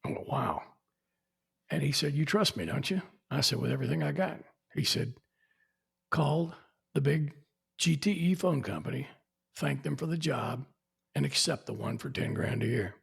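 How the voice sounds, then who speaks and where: Husky gravelly older man. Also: medium pitch, moderate pace. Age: 70s. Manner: animated, acts out quoted people. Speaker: podcast guest. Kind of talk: anecdotal storytelling.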